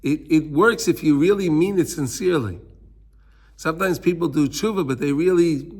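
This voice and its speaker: A man teaching a Torah class speaks at a moderate pace in a slightly high voice with a darkish tone. He earnestly explains texts, mixes in Hebrew terms, and acts out voices in little scenes.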